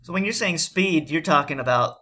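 A man co-hosting a casual podcast, lively and quick to laugh. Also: fairly high pitch. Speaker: podcast co-host.

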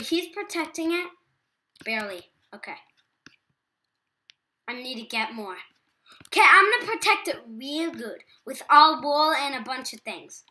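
With a high, bright voice and a forceful tone, this English-accented teenage girl gives casual gameplay commentary as a gaming YouTuber. She's talkative and pokes fun at herself.

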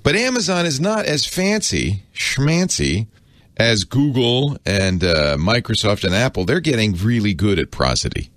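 A man's voice: lowish voice, sing-song, unhurried, fairly bright tone, dry recording. A middle-aged man, co-hosting a podcast in a chatty, self-correcting way with laughing asides. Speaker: podcast co-host. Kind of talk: casual explaining chat.

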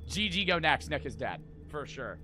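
Excitable, swearing gaming streamer guy. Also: on the high side, background noise. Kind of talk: gameplay commentary. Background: game music.

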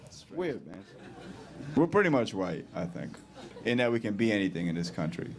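A man with a fairly low voice works through a stand-up set. His delivery is sardonic and deadpan, yet his pitch swings widely when he lands the jokes. Crowd laughter rolls in around his lines. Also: moderate pace. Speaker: stand-up comedian. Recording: comedy club set with audience laughter.

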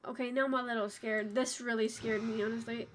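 A woman's voice: fairly high pitch, level tone, brisk, faint music behind. A woman playing a game and reading its dialogue aloud in put-on voices, breaking off to chat about it. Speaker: game streamer.

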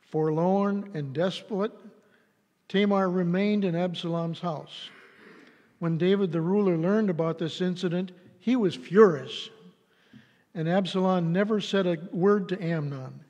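A man reading scripture aloud in a church service, measured and deliberate. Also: high-pitched, darkish tone, muffled recording. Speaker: scripture reader. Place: church sanctuary. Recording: long church reverb.

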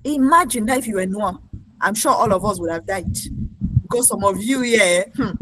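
A woman preacher delivering a lively sermon, mimicking her congregants and laughing often. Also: medium pitch, moderate pace, background noise.

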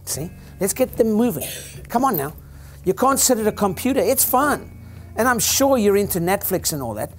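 A man's voice: sits high, sing-song, normal speed, faint music behind. An older man, a chiropractor, giving an informal talk to an audience in a rambling, joking, preacher-like way.

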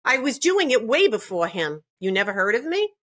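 A woman's voice: a little high, big pitch swings, moderate pace, pushed and bright. Indignant older woman, emphatic interview guest. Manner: emphatic, indignant, repeats herself.

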